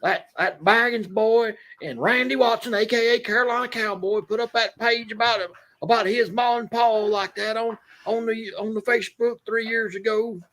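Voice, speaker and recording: A man's voice: sits high, moderate pace, few pauses. A man ranting in a played video clip, mocking and gossiping. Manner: ranting, animated, mocking impressions.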